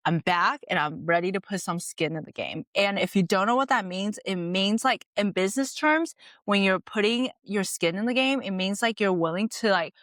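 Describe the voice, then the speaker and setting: Her voice mid-range and fairly bright, a young woman who moved to America at ten hosts her podcast at a moderate pace. The chat is loose and free-flowing, peppered with "like" and "you know", recorded at studio quality with no room sound.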